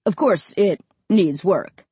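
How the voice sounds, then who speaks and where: A woman voicing a friendly adult man who shows a family around a house, in a smooth, reassuring manner. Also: lowish voice, takes it slowly, mellow, dry recording, heavily acted.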